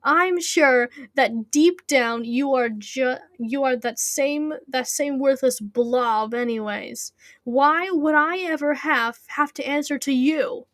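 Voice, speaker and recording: A woman's voice: sits high, takes it slowly, fairly bright tone, dry recording, clean studio sound. A woman reading the lines of a defiant male villain from a storybook, with stumbles and restarts. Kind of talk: reading dialogue aloud.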